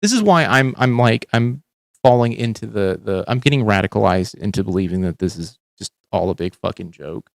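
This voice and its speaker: A man's voice: mid-range voice, gravelly, a little mellow, dry recording. Male livestream host, mid-range voice, dry close sound, swears a lot and rambles with many fillers. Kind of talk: casual political chat.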